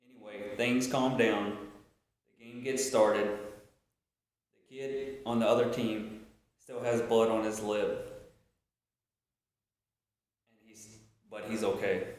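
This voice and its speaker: Slow-talking man in a very echoey room. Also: fairly low pitch. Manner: slow, halting storytelling with frequent restarts. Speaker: speaker reciting a speech. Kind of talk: storytelling speech. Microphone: webcam.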